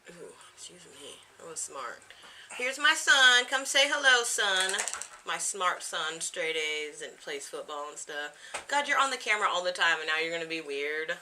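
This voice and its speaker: A woman in her thirties sits at home and talks casually into her camera, wandering from one thing to the next and laughing often. Her voice is bright and sits a little low. A faint hiss runs under the camera mic. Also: animated, moderate pace. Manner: rambling, chatty, laughs often. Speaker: vlogger. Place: home, indoors.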